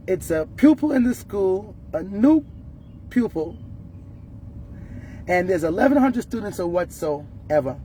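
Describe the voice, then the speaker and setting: Upset mom talking straight to camera, urgent and shaken, getting angry. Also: female voice, mid-range voice, big pitch swings, measured pace, long pauses, mellow, slight background noise. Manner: distressed and urgent, voice rising in anger. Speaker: mother. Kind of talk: emotional direct-to-camera appeal.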